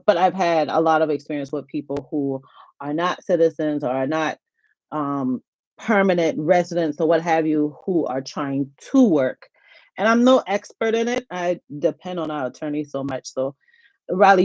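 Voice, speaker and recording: A middle-aged woman, hosting a casual live-stream chat, animated and laughing often. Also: low voice, no echo, lo-fi sound. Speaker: HR YouTube channel host. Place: home.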